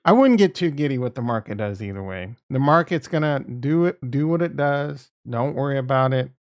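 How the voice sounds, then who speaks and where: A man's voice: medium pitch, expressive, brisk. A man giving casual market commentary as a video host, blunt and profane, repeating his points and getting exasperated. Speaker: crypto and stock market YouTuber.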